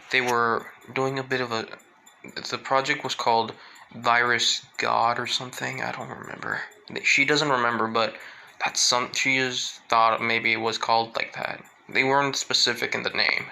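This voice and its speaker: A man telling a fan story aloud, rambling and halting with fillers and restarts. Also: medium pitch, creaky, sharp tone, slight background noise, poor audio. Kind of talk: improvised fan-fiction narration.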